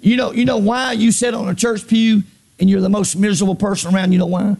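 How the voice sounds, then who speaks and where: A man preaching a sermon, who repeats his words, reads scripture slowly and climbs to high shouted peaks. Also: little pitch movement, gravelly.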